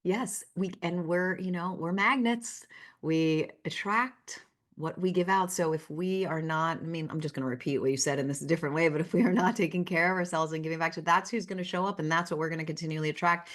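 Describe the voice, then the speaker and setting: A woman's voice: fairly low pitch, fairly even intonation, a little fast. A woman speaking as a guest in a casual interview, telling personal stories in an earnest, heartfelt way.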